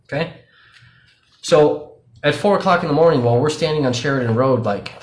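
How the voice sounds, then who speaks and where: A man's voice: on the high side, fairly quick. A man, an independent livestream journalist, talking casually and profanely to his viewers, explaining things directly to them. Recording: roomy echo.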